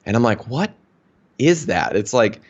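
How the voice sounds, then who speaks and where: A man's voice: medium pitch, very animated, a little slow, muffled recording. A man casually telling a long personal story in an interview, chatty and full of fillers. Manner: chatty, anecdotal, many fillers. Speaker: health practitioner.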